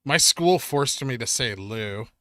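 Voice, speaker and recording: Middle-aged guy streaming, bright voice, dry close mic, jokey and self-deprecating while reading chat. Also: medium pitch, animated, takes it slowly, no echo. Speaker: finance streamer. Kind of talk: casual live-stream chat reading comments.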